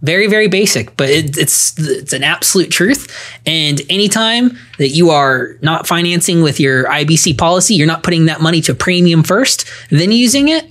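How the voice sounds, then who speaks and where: Man, podcast co-host, animated and easily laughing, walks through points in order. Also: on the high side, moderate pace. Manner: animated, laughs often, reviews points one by one. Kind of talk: casual podcast chat.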